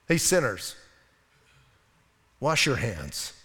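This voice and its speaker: A male pastor preaching a sermon, emphatic, often calling "listen" to the congregation and swinging between loud bursts and soft low asides. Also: expressive, moderate pace, big-room sound.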